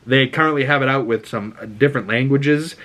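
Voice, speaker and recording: A man hosting a casual solo movie news podcast, excitable and profane, laughing at his own jokes. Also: mid-range voice, a little fast. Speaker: podcast host.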